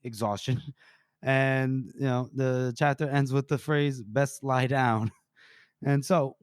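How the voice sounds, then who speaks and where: Rambling podcast co-host, dry sound. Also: male voice, medium pitch, little pitch movement, slow pace, smooth, no echo. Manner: rambling, acts out characters' lines. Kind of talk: casual book discussion.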